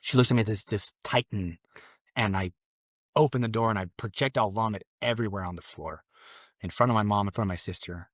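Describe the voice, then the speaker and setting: A man's voice: on the low side, fairly quick, no echo. Earnest young man telling his story, dry. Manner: earnest, loose and conversational, acting out his own past thoughts. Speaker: podcast guest. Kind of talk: personal conversion story, casual storytelling.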